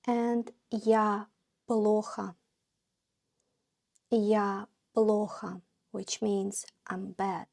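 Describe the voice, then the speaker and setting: Slow, careful woman teaching a language. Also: a little high, creaky, warm tone. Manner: slow, careful, repeats each phrase for learners; encouraging, teacherly. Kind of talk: podcast language lesson for beginners.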